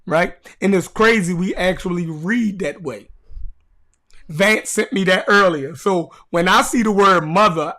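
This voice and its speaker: Baltimore guy on his podcast, slow drawl, kinda high pitched, blunt and cussing. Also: a bit bright. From Baltimore, USA. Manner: blunt, profane, repeats phrases for emphasis. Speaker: podcast host. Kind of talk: casual livestream talk to a chat.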